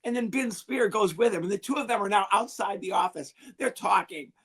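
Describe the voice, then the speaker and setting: A man with a husky, slightly breathy voice, a comedian talking as a guest on an interview show. He tells a story with lots of energy, dropping into the voices of the people in it. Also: high-pitched, a little fast. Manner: lively, animated, acts out the people he quotes.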